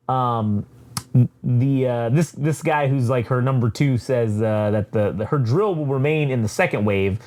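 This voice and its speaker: Male podcast host, casual, profane, laughs a lot, animated pitch. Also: normal speed. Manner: profane, laughing, rambling recap. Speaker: comic book podcast host. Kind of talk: casual chat.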